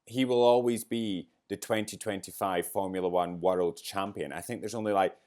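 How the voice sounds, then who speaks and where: A man hosting a podcast, with a fairly low, hungover voice. He talks in a chatty, effusive way and lets the emotion show. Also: normal speed, a little mellow. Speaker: podcast host. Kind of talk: casual podcast commentary.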